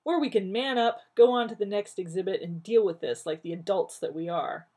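A woman's voice: medium pitch, a little fast, mellow, breathy edge, lightly acted. A woman reading as a peevish, wordy male scientist. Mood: indignant. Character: peevish, anxious male scientist, fast-talking.

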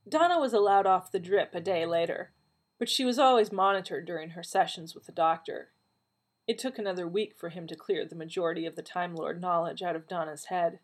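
A woman narrating a story with a steady, even reading style. Her voice is on the low side and husky, with a breathy edge. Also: a little fast. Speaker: audiobook reader.

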